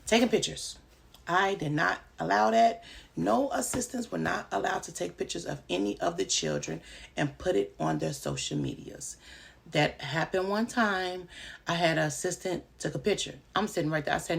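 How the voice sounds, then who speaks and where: A woman's voice: on the low side, lively intonation, normal speed, creaky. A woman who runs a home daycare, giving casual advice in a vlog and stressing her points by repeating them.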